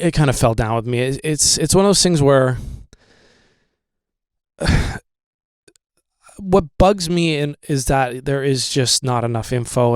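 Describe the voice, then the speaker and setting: A man's voice: mid-range voice, smooth, no room sound. Rambling, profane young man. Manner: rambling, profane, with many fillers. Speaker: podcast host. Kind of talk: casual podcast monologue.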